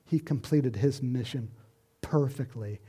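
A middle-aged man preaching an informal sermon, animated and chatty, acting out voices and chuckling as he speaks to the congregation. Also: mid-range voice, unhurried, slightly rough. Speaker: pastor.

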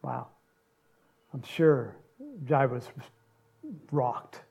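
A man preaching a sermon, retelling a gospel story with animated storytelling and acted-out lines. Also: mid-range voice, extremely slow, creaky, slightly rough. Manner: animated storytelling, acts out quotes, laughs often.

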